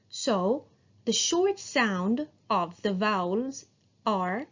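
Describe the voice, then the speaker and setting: A woman teaching an English phonics lesson, saying example words slowly and clearly and answering her own questions to the class. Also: medium pitch, animated, dull audio. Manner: slow, clear, asks the class questions and answers them herself.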